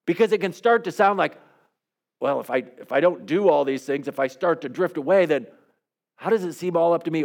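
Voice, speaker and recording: A male pastor preaching a sermon in a conversational, earnest way, often acting out the voices of people he quotes. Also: on the high side.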